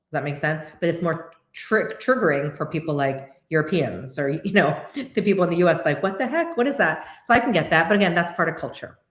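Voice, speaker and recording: A woman hosting a casual chat, answering viewer questions with quick asides and acted-out quotes. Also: deep voice, animated, roomy sound.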